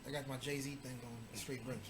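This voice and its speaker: A man's voice: mid-range voice, steady tone, crowd noise. A man from New York, a singer guest, talking in a playful, joking way during a casual studio interview. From Mount Vernon, New York. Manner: playful, joking, quick to laugh.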